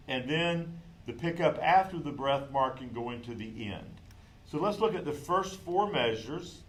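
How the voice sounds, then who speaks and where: A man's voice: medium pitch, low-quality recording. Patient man teaching clarinet. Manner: patient, counts in and calls out note names. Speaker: music teacher. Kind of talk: instructional clarinet lesson.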